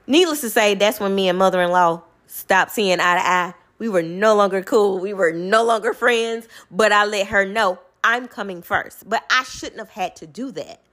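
A woman speaking in a casual storytelling monologue, emphatic and animated, and she repeats her points for stress. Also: medium pitch, normal speed, hardly any pauses. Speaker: vlogger; caregiver in medical field.

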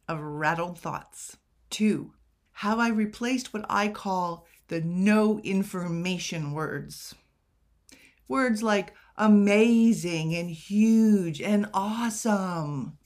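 Slow, chatty woman teaching writing. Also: medium pitch. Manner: chatty, rhetorical questions, self-deprecating asides. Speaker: writing coach. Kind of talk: casual editing tutorial.

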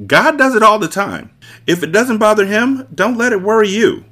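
A man's voice: high-pitched, animated, normal speed, pushed and bright, pitched above the performer's own voice, full character voice. A man voicing a conceited, scheming Sicilian kidnapper in a storybook reading, talking in a smug, bossy way.

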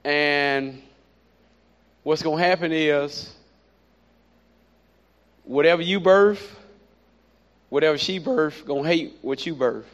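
A man preaching a sermon, animated and repetitive, with playful asides. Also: fairly high pitch, unhurried. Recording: dull lo-fi recording.

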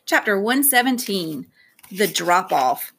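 A woman narrating a novel aloud in a clear, steady storytelling manner. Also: medium pitch, slow. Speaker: audiobook narrator.

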